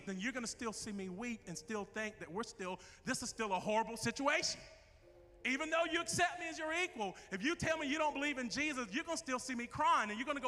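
A man preaching a passionate sermon to his church as its minister, at times shouting. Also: very high voice, a little fast, big-room sound, soft background music. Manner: impassioned preaching, rising to shouts. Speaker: pastor. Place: church sanctuary.

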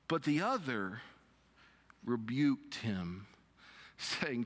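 A man preaching a sermon, reading scripture and retelling it with expressive rises and drops. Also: slow pace. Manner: expressive preaching with dramatic pitch swings when quoting scripture. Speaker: pastor.

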